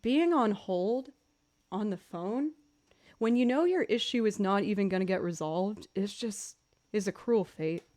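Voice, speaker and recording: A young adult woman, a livestreaming musician, chatting casually with viewers and telling animated stories with laughs. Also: mid-range voice, a little slow. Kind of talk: casual chat with stream viewers.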